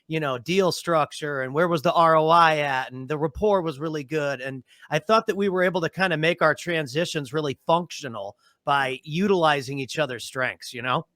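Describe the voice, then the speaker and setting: A man who was the event hype man, a guest in a casual interview, talking with high energy. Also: normal speed, few pauses, bright, forceful tone, dry recording, studio quality.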